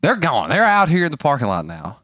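Animated storytelling man. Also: fairly high pitch, a little fast, no room sound, studio quality. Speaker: father telling a story. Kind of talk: casual anecdote.

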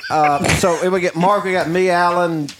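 A man's voice: sits high, steady tone, moderate pace, noisy background. A man hosting a casual group podcast, joking and laughing often with rambling restarts. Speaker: podcast host.

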